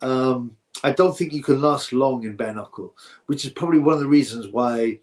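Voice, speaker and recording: A man's voice: medium pitch, normal speed. A man hosting a boxing livestream, rambling through viewer comments and giving blunt opinions in casual chat. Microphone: streaming setup mic.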